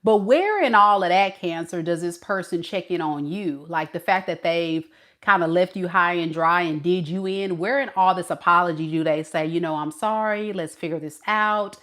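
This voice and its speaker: A woman giving a tarot reading to her viewers, blunt and animated, talking straight to them as y'all. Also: fairly low pitch, moderate pace. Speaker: tarot reader.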